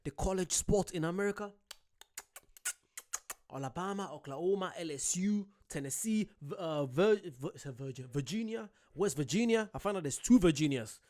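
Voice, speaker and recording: A young man who grew up in Ireland gives casual, excitable reaction commentary, swearing and laughing at himself. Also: high voice, moderate pace. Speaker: reaction video host.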